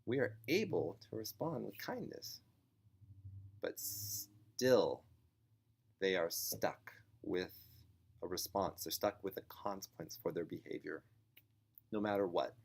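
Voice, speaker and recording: A man teaching parents, explaining child behavior gently and acting out a parent and child as he goes. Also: sits low, lively intonation, creaky, breathy edge. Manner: slow, gentle, acts out parent and child voices. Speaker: family sign language teacher.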